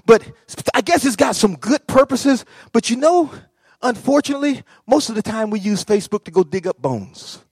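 A male pastor preaching a sermon, swinging from quiet talk to shouting and calling out to the congregation. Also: extremely high pitch, very animated, moderate pace, husky, no room sound, studio quality. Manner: repeats phrases, calls out to congregation.

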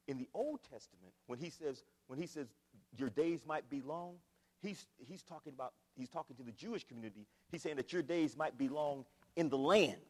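A man from Ohio preaching a sermon, swinging between loud declarations and quiet asides as he addresses the congregation. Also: on the high side, expressive, moderate pace, husky, big-room sound. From Akron, Ohio. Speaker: pastor.

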